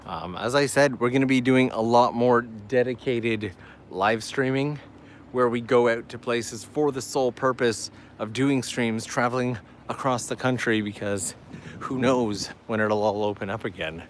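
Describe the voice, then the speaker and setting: Male travel streamer, upbeat walking commentary, average pitch, light outdoor noise. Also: unhurried. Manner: enthusiastic, chatty, reads viewer messages aloud. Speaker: travel vlogger hosting a live stream. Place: outdoors on a seaside island path.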